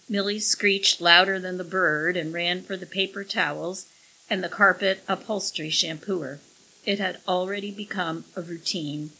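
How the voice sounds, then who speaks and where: A woman reads a story aloud at an unhurried pace, with a wry, measured delivery. Her voice sits a little low but sounds bright, with a breathy edge. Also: rough recording. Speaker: narrator. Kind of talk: audiobook narration.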